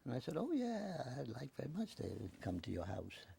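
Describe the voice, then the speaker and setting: A man's voice: medium pitch, fairly quick, creaky, slightly rough. Older American man telling a war story. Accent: New York. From United States. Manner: animated, acts out voices in quotes. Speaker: veteran interviewee. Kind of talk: oral history storytelling.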